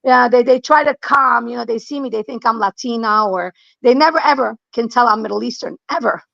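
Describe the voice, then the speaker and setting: A blunt, emphatic middle-aged woman, her voice a touch high and gravelly with fry. She talks casually and repeats her points for weight. The sound is dull and lo-fi in a dry, dead space. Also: a little fast, fairly bright tone, dry recording. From Lebanon. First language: Aramaic. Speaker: guest. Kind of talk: casual conversation.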